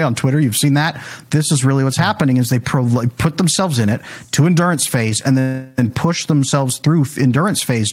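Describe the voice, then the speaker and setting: Man, coach, casual podcast talk, husky, animated, acts out quotes. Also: mid-range voice.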